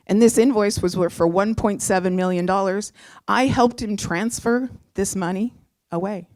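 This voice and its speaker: A middle-aged woman recounts a personal story in an animated, chatty way, full of little fillers and restarts. Her voice sits at an ordinary middle pitch, and the sound is dry and close with no room echo. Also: moderate pace. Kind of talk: personal storytelling on a live show.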